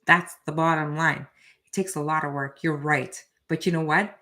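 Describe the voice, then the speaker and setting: A middle-aged woman leads a live reading and speaks directly to her viewers. Her voice sits a little low, and her delivery is casual, blunt and conversational, with frequent "right?" check-ins. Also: fairly even intonation, normal speed, bright, forceful tone. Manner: direct, chatty, keeps asking "right?". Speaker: tarot reader and channel host.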